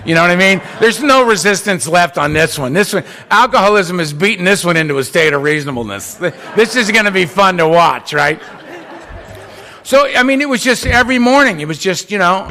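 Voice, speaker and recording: A man's voice: sits high, a little fast. A man telling a humorous, self-mocking personal testimony at a conference podium. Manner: animated, self-mocking storytelling. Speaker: recovery speaker.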